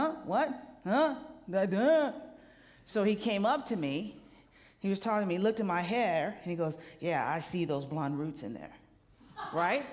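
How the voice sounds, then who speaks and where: A woman minister giving a lively, conversational sermon, often checking in with the congregation with a quick "right?". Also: medium pitch. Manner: animated, conversational preaching with rhetorical "right?" asides. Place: church sanctuary. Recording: long hall reverb.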